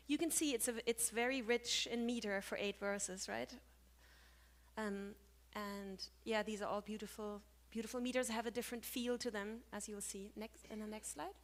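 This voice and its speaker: A woman's voice: on the high side, fairly bright tone. A woman giving a conference talk on Sanskrit poetic meter, chatty and full of small self-corrections. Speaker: lecturer.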